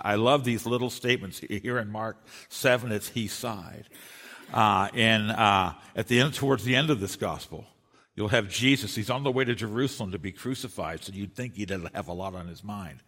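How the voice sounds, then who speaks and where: A male pastor preaching an earnest sermon, slowing down and dropping soft on key phrases. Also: fairly low pitch. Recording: long hall reverb.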